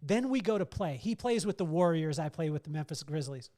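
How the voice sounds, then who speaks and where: A middle-aged man hosting a podcast, telling stories in a lively way with a laugh and putting questions to his guest. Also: fairly high pitch, brisk. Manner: storytelling, animated and laughing. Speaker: podcast host. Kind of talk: casual interview chat.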